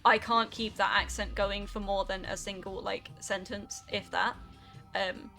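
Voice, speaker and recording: A woman's voice: mid-range voice, little pitch movement, measured pace, sharp tone, soft background music. A young woman, chatting casually and swearing now and then while she streams a video game. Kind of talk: casual rambling while gaming.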